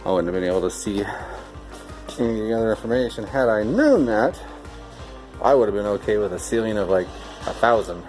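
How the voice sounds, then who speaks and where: A man hosting a vlog, giving casual commentary while unboxing a storage unit. He jokes, swears freely and thinks out loud. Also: on the low side, brisk, long pauses, rough recording. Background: background music.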